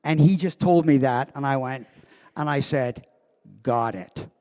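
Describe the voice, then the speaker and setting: A man telling an anecdote to a live convention audience as guest of honor, acting out the quoted lines with animated delivery. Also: mid-range voice, moderate pace. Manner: animated storyteller who acts out quoted lines. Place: convention hall. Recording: long reverb of a large hall.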